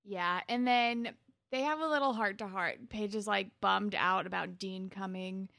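A woman with a bright, gravelly voice retells TV scenes on a casual podcast. She quotes the characters with sudden emphasis, and the sound is dry and close to the mic. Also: mid-range voice, measured pace, no room sound. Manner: narrates scenes, quoting characters with bursts of emphasis. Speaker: podcast co-host. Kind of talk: casual chat recapping a TV episode.

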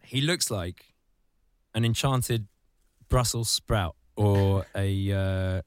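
A man's voice: on the low side, very slow, clear, resonant tone, no echo. A man in casual comedic podcast chat, ranting sardonically with crude, vivid insults.

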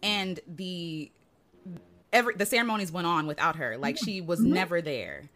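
A woman's voice: fairly low pitch, sing-song, moderate pace, fairly bright tone. A woman hosting a podcast interview, chatting casually and sprinkling "like" and "right?" through her questions. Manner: chatty, uses filler "like" and "right?" often. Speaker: podcast host.

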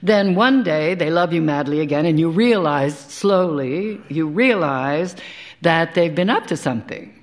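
A woman's voice: low voice, lively intonation, a little slow. A woman, an actor, giving a live dramatic reading of a first-person short story, in a wry, conversational way with dry asides. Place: live stage performance.

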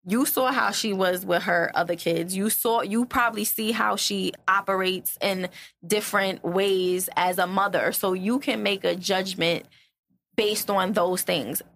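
A woman's voice: mid-range voice, measured pace, gravelly. A woman co-hosting a podcast, telling stories animatedly and pushing back in casual chat. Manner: animated storytelling, interrupts to push back. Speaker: podcast co-host.

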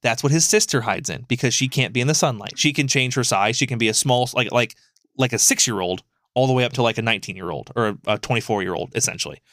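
A man co-hosting a podcast, telling a story in a casual, animated, rambling way with lots of fillers and swearing. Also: mid-range voice, fast, no echo, clean studio sound. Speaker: podcast co-host.

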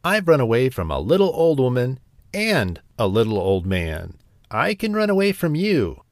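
A man voicing a tiny, boastful gingerbread man in a high, sing-song, taunting voice. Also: wildly swooping pitch, normal speed, no room sound, studio quality.

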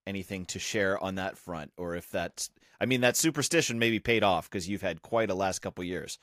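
A man co-hosting a podcast, asking questions in a hesitant, soft-spoken way. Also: low voice, moderate pace, dry recording, clean studio sound. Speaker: podcast co-host. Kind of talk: casual podcast chat.

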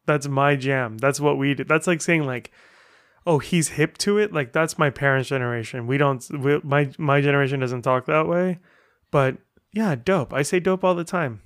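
A man's voice: on the high side, moderate pace, dry recording, studio quality. A middle-aged man hosting a casual solo podcast, telling stories in a chatty way full of rambling asides. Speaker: podcast host.

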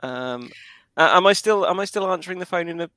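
Bright, crisp-voiced podcast co-host man. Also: high-pitched, animated, a little fast, dry recording, clean studio sound. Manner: hesitant, trying out silly accents. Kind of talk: comedic podcast banter.

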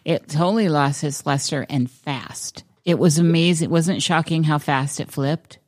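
A middle-aged woman hosting a casual chat, effusive and quick to laugh. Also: sits low. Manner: warm, effusive, laughs often. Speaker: host.

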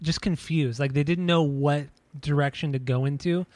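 Guy on a podcast rambling about records, kinda high voice, dry room. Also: steady tone, a little mellow, no echo. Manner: rambling, halting with restarts. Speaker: podcast co-host. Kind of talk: casual chat.

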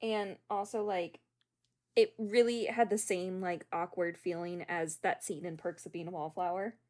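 A woman's voice: on the low side, fairly even intonation, moderate pace, darkish tone. A young woman co-hosting a podcast, chatting casually, rambling and laughing often. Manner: giggly, rambling, prone to bursts of laughter. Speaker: podcast co-host. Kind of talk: casual chat.

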